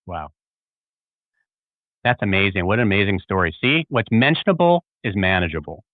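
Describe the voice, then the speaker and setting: A man hosting a talk show chats in an easygoing way, his voice on the low side. His sound is thin and phone-like. It is also dry, with no room echo. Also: animated, moderate pace. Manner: easygoing, reacts with short interjections. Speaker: podcast host. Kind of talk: casual interview chat.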